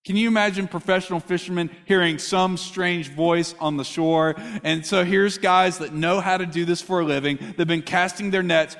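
A man's voice: sits high, fairly even intonation, normal speed, hardly any pauses, fairly bright tone. A man preaching a sermon, talking with the congregation in a conversational way and asking them questions. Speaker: pastor. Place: church hall. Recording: long hall reverb.

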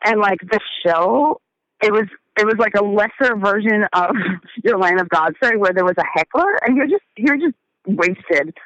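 A woman's voice: medium pitch, animated, normal speed, fairly bright tone, no echo, highs cut off. A woman musician chatting as an interview guest, meandering and hesitant, often trailing off mid-thought. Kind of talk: casual interview chat.

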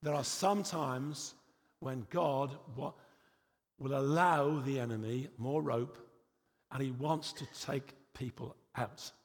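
A man's voice: mid-range voice, slow, in a large hall. A man preaching a sermon in a church, emphatic and repetitive, with frequent rhetorical questions.

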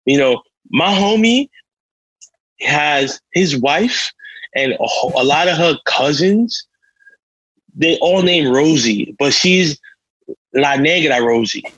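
A man's voice: a little high, lively intonation, slow, pauses often, fairly bright tone, slightly rough, no echo, low-quality recording. A man co-hosting a podcast in earnest, reflective casual talk, asking rhetorical questions. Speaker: podcast co-host. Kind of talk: casual chat.

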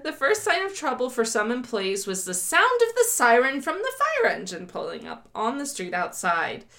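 A woman's voice: fairly high pitch, huge pitch swings, normal speed, creaky, pushed and bright. A woman co-hosting a casual podcast chat. She talks bluntly, swears freely, laughs often and sometimes reads a story aloud. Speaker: podcast co-host.

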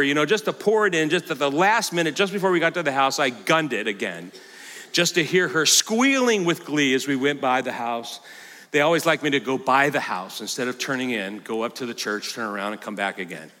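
An older man, a pastor, preaching a sermon and telling a story in an animated way, at times mimicking a squealing child. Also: fairly high pitch, normal speed, big-room sound.

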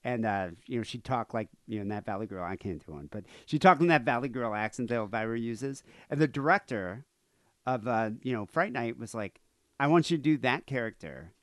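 A man's voice: mid-range voice, a little fast, no room sound. A man co-hosting a podcast, telling a story in a rambling casual way, full of "uh" and "you know". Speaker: podcast co-host.

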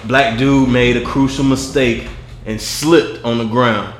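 A young man with a mid-pitched voice tells stories in a laid-back, casual way, retelling events vividly as a podcast co-host. The room around him is echoey. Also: steady tone, measured pace, soft background music.

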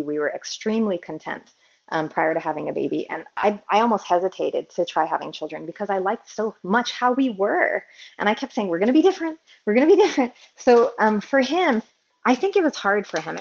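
A woman with a mid-range voice tells her own story as an interview guest, candid and earnest. Her sentences tumble and restart as she searches for words. The recording sounds dull and lo-fi. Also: medium pitch. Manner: earnest, tumbling, self-correcting speech. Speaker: guest, psychologist and mother. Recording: dull lo-fi audio.

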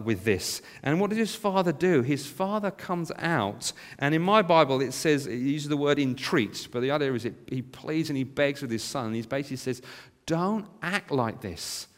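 A man in his thirties preaches in a relaxed, conversational way, weaving in stories about his own family. His voice sits at an ordinary middle pitch. The sound carries a long reverb, as if from a church hall. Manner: conversational storytelling with family anecdotes. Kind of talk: sermon.

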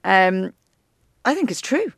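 A woman hosting a casual interview podcast, bubbly, with quick asides and frequent laughter. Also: medium pitch, sing-song, vocal fry, slightly rough, no echo, clean studio sound.

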